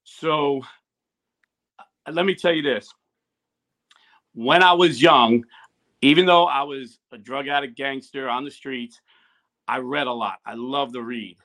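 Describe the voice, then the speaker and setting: A man's voice: mid-range voice, unhurried, long pauses, fairly bright tone. A man tells stories in a casual interview and acts out the quoted dialogue. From New Jersey. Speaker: guest, YouTuber. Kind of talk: casual storytelling.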